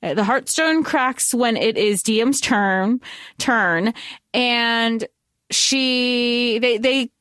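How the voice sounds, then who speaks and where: A woman's voice: a little high, drawn-out words, no room sound, studio quality. A woman co-hosting a podcast, recapping a fantasy novel in casual chat and acting out the characters' lines. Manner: animated, acts out character lines, swears. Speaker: podcast co-host.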